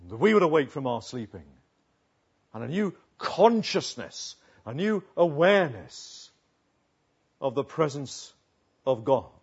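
A man preaching a sermon, earnest, swinging between emphatic declamation and quiet, low asides. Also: sing-song, measured pace, vocal fry, pauses often, slightly rough, dull audio.

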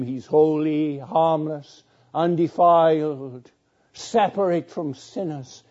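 Slow, dark-voiced male preacher. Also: fairly high pitch. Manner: slow, deliberate preaching with repeated phrases and quoted scripture. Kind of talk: sermon. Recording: dull lo-fi recording.

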